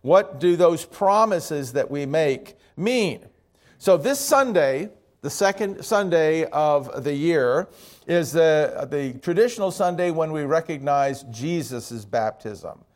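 A male pastor delivers a sermon with a relaxed, conversational manner. He slips in light joking asides, and his voice sits slightly high for a man. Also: slow pace.

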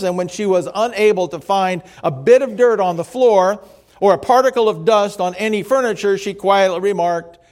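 A man preaching a sermon, telling stories and reading quotes aloud, slowing down for emphasis. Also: sits high, darkish tone. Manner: measured storytelling, reads quotes aloud, slows for emphasis. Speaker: pastor.

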